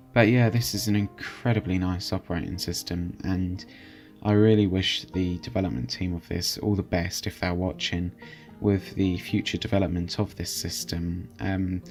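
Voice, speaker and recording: A young man with a lowish voice talks casually through a screen recording. He is chatty and easygoing, often hesitating and restarting his sentences. Faint music plays underneath. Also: a little mellow. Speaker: channel host reviewing software.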